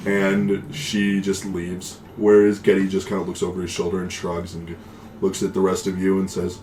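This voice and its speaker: A man's voice: deep voice, completely flat delivery, moderate pace, a little mellow, reverberant, slight background noise. A man narrating a tabletop game as game master, in a casual, rambling way with many fillers. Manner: casual, filler-heavy, laughs often.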